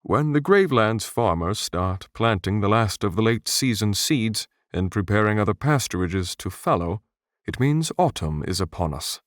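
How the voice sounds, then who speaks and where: A man's voice: on the low side, expressive, normal speed, dry recording, clean studio sound, lightly acted. A man doing a stern old monk. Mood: wistful. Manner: curt, clipped, disapproving. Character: stern old monk with a hard-to-place accent.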